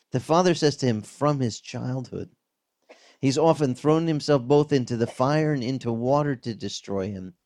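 A male pastor preaching a sermon, reading scripture and explaining it in a conversational, animated teaching manner with vivid reenactments. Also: fairly high pitch.

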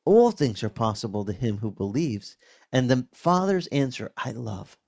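A male pastor preaching a conversational, animated expository sermon. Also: mid-range voice, normal speed, vocal fry.

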